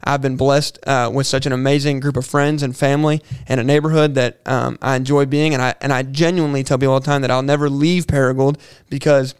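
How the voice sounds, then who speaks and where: A man's voice: medium pitch, flat delivery, fast talker, clean tone, dry recording, studio quality. A young man, a podcast guest telling a personal story, earnest and often restarting his words. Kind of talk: casual storytelling interview.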